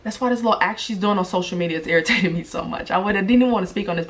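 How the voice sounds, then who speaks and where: A woman's voice: mid-range voice, very fast. A woman telling a personal story in a direct, blunt way, in a clip played in a reaction video. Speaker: mother telling her story.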